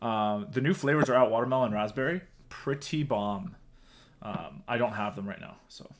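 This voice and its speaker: A man's voice: on the low side, moderate pace. A man co-hosting a podcast, joking wryly in casual chat. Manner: wry, joking. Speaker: podcast co-host.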